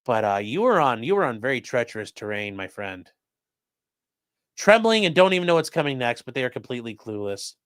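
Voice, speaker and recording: A man's voice: medium pitch, big pitch swings, a little fast, fairly bright tone, no echo, studio quality. A man doing mocking, sarcastic live-stream commentary while reading chat, swearing often.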